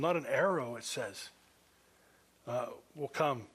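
A man's voice: medium pitch, slow pace, a bit bright, breathy edge. A man preaching a sermon as a pastor, earnest and conversational, acting out quoted voices as he goes.

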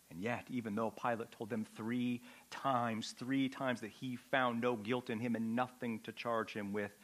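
A man preaching a sermon with a dramatic delivery, swinging from loud outbursts to a hushed, low voice. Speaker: pastor.

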